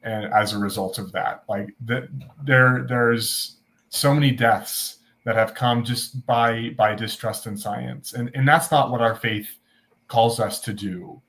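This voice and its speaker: A man's voice: mid-range voice, fairly even intonation, a bit bright. Guy on a faith podcast, earnest, keeps restarting his sentences, casual chat. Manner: earnest, halting with many restarts. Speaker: podcast co-host.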